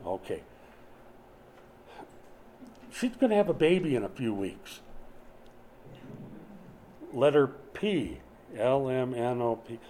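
Mellow-voiced older man preaching conversationally. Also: medium pitch, animated, takes it slowly, pauses often, slight background noise. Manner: conversational, asks the congregation questions. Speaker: pastor. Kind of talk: sermon. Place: small church during a power outage.

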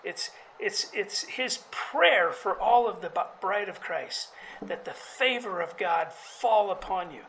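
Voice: medium pitch, animated, slow pace, a bit bright, a little hiss or hum, rough recording. A preacher delivering a sermon, explaining scripture in an earnest, teaching way.

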